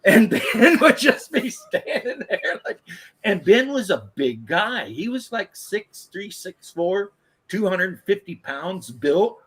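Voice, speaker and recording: A man's voice: high-pitched, sing-song, takes it slowly, a bit bright, breathy edge. A man in his thirties, a former firefighter, telling rambling, profane stories in casual chat. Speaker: podcast host, former firefighter.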